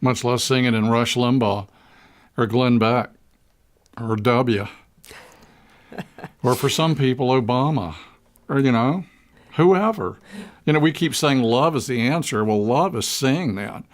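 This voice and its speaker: A man's voice: mid-range voice, unhurried, long pauses. An American man co-hosting a conversational discussion, reflective and given to wry asides and anecdotes. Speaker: co-host.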